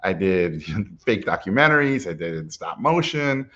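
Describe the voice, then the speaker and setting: A middle-aged man with a fairly low voice tells stories from his career in a lively, animated way, chuckling now and then. The recording sounds somewhat dull and lo-fi, with the top end muffled. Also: measured pace. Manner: animated storyteller, chuckles while telling anecdotes. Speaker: animation director. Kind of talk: personal storytelling talk.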